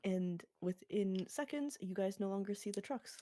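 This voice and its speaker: A woman narrating a tabletop role-playing game as game master, explaining scenes and rules in a relaxed way. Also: mid-range voice, normal speed.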